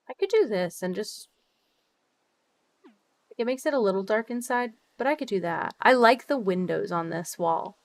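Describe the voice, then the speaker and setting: A young woman streaming a game and chatting casually with her audience. Her voice sits at a middle pitch but leaps up when she gets excited, and she laughs often and swears without a second thought. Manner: bubbly, swears freely, laughs often, big jumps in pitch. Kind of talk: casual livestream chat while gaming.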